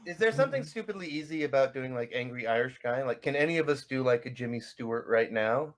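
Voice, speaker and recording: A man's voice: mid-range voice, expressive, quick pace. A man co-hosting a casual podcast chat, jokey and rambling, laughing often. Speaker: podcast co-host.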